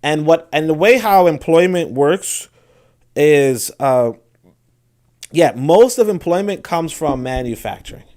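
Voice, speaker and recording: A man's voice: fairly high pitch, animated, measured pace, a little mellow. A man hosting a casual livestream, speaking to viewers in a rambling, conversational way, with frequent restarts and asides. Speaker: host.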